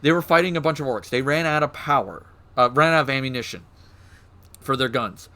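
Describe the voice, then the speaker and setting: A man streaming, excitedly explaining game lore in casual chat, swearing and laughing. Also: mid-range voice, fairly quick.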